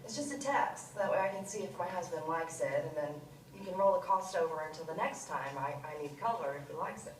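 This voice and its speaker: A woman's voice: deep voice, expressive. An actress playing an insistent salon client who wants more than she pays for. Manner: insistent, rapid. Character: stubborn female salon client wanting freebies. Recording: distant echoey playback, faint noise.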